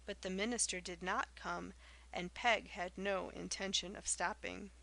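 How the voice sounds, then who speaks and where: Woman, audiobook narrator, measured storytelling, gravelly, bright tone. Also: fairly low pitch, fairly even intonation, poor audio. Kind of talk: scripted narration.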